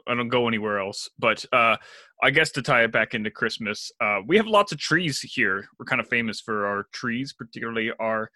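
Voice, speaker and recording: A man's voice: medium pitch, animated, a little fast, sharp tone, no echo. A man from the Pacific Northwest co-hosting a podcast, chatting casually in a playful, teasing way and laughing a lot. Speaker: podcast co-host. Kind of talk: casual chat.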